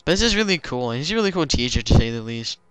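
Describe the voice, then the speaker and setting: A man's voice: mid-range voice, big pitch swings, fast talker, fairly bright tone, clean tone, dry recording. A young man giving casual let's play commentary, rambling with lots of fillers like "like" and "you know.".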